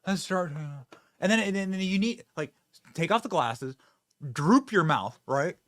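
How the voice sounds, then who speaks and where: A male host delivers political commentary in an energetic, projecting style. His voice is bright and a little high, and it climbs and dips with lively swings as he drives his points home. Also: unhurried.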